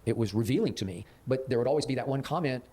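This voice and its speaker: A man's voice: mid-range voice, lively intonation, dark tone. An older man, a guest, telling stories from his career with frequent stammers and restarts. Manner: fast, stammering restarts, recounting anecdotes. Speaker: guest, sports commentator. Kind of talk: casual interview storytelling.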